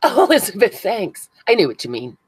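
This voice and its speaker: A woman's voice: mid-range voice, sing-song, brisk, a little hiss or hum, rough recording. A woman hosting a casual craft live stream, chatting with viewers by name as she glues buttons and thinks aloud. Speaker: craft channel host. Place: indoors at a crafting table.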